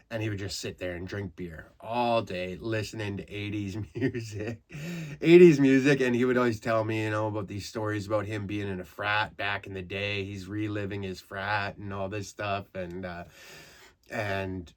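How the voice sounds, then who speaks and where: Low-voiced, swearing man telling stories. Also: moderate pace. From Canada. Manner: profane, rambling, gets loud and animated in retellings. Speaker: comedian, podcast host. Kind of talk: casual comic storytelling.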